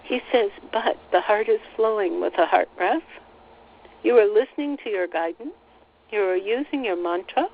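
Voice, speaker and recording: On a recorded teleconference, a woman relays channeled spiritual teachings and quotes, speaking slowly, gently and soothingly and repeating phrases. Her voice is mid-range. The phone-line audio sounds slightly dull.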